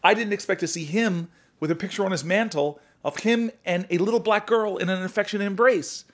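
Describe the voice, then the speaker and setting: A middle-aged man, a senator, telling stories in an earnest, animated way during a podcast conversation. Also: high voice, a little fast. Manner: earnest, animated storyteller, often acts out dialogue.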